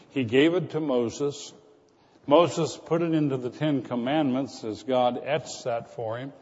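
A man's voice: mid-range voice, a little mellow. A male pastor delivering a sermon, telling stories and building to emphatic repeated lines. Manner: storytelling preacher, rising to emphatic repetition. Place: church sanctuary. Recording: muffled church recording with long reverb.

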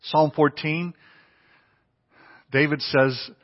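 A man's voice: a little high, steady tone, drawn-out words. A man preaching a sermon with earnest emphasis, often repeating his phrases for weight. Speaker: pastor. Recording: dull audio with long hall reverb.

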